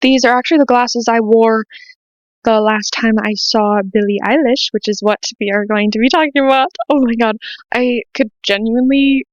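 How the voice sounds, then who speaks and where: A teenage American woman talks straight to her camera, rambling and emotional and leaning on "like" again and again. Her voice sits a little high. The recording is dry and a bit dull. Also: fairly even intonation, normal speed, no echo. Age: late teens. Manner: emotional, rambling, says "like" often. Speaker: podcast host. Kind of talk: casual confessional vlog podcast. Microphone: to camera, self-filmed.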